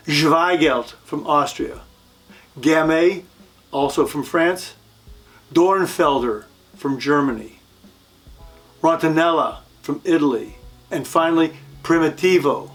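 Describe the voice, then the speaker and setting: A man presenting a wine lesson in a friendly way, often repeating words and pausing on fillers. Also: a little high, fairly bright tone. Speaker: wine educator. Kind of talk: instructional video presentation.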